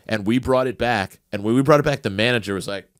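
A man's voice: medium pitch, fast, no room sound, clean studio sound. A man from New Jersey telling a long, profane anecdote on a podcast, loose and rambling with lots of fillers. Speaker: podcast panelist. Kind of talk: casual podcast storytelling.

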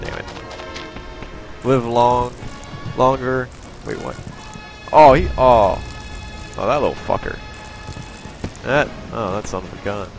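A young man giving profane, excitable let's play commentary with yelling outbursts. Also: medium pitch, slow, vocal fry, long pauses. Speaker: gamer. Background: game music and gunfire.

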